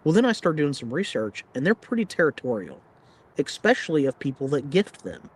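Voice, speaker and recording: A man's voice: on the high side, big pitch swings, brisk, breathy edge. A man guesting on a podcast, telling a personal story in a blunt, plain-spoken, rambling way full of fillers. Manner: rambling, filler-heavy retelling. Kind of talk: casual storytelling.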